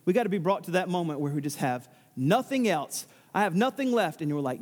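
Male pastor, sermon delivery, emphatic and exclaiming, high voice. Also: animated, a little fast, hardly any pauses, a little mellow, in a large hall.

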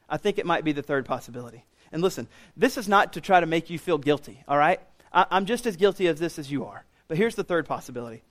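A man in his thirties preaching a sermon as pastor, animated and getting loud when he acts out what others say. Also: on the high side.

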